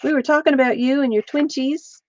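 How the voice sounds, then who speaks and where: A woman's voice: sits high, steady tone, a little fast, a little mellow, dry recording. A woman hosting a craft livestream, chatting casually as she explains each step while working with her hands. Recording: dull lo-fi stream audio.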